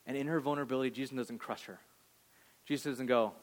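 A male pastor delivering a sermon, building to loud emphatic peaks and dropping to hushed quoted lines, acting out voices from the story. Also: medium pitch, fast talker. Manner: acts out voices of people in the story.

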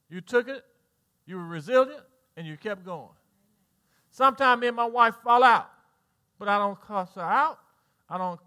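A middle-aged pastor from the US South delivers a sermon to his congregation in a high, bright, forceful voice, dropping soft and low before building loud, with folksy asides along the way.

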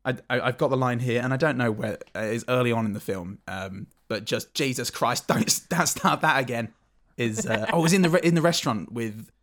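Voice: medium pitch, fairly quick, fairly bright tone. A podcast co-host in casual film chat, rambling and correcting themself. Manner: rambling, self-correcting, laughs often.

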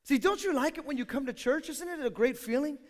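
A male pastor preaching a lively sermon, acting out quotes and swinging from hushed asides to shouted calls. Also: very high-pitched, fast talker.

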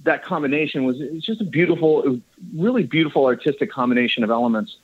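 A man, a guest bass player, telling stories in a casual interview, rambling and enthusiastic, laughing often. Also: quick pace, husky. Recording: dull lo-fi audio.

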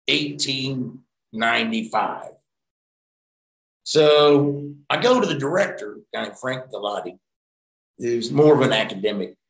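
A middle-aged actor telling rambling, profane anecdotes in a casual interview. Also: male voice, medium pitch, fairly bright tone, reverberant, rough recording.

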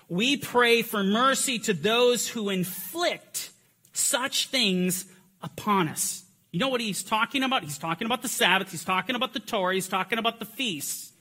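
A man's voice: sits high, pushed and bright. A man preaching a sermon to a congregation, earnest and intense, repeating phrases for emphasis.

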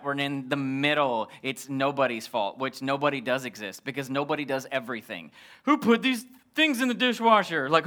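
A male pastor telling a comic story in a sermon, animated and acting out the dialogue. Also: fairly high pitch.

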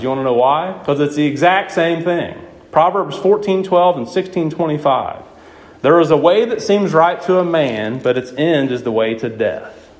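A man preaching a sermon who keeps putting questions to his listeners and hammers his points home. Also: a little high. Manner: lively, questioning the audience, emphatic. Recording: echoey room with faint ambience.

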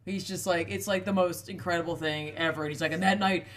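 A woman's voice: lowish voice, fairly even intonation, quick pace, slight background noise. A woman in casual chat, animatedly retelling a book's plot and acting out the characters' lines. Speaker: podcast co-host retelling a book.

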